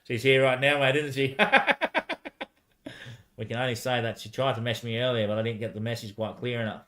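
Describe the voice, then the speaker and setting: A man's voice: medium pitch, little pitch movement, fairly quick, a bit bright. A man talks alone on a casual livestream in an ordinary mid-range voice. He rambles loosely and trades lines back and forth with himself, peppering it with "mate" and bursts of laughter. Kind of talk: rambling solo livestream talk.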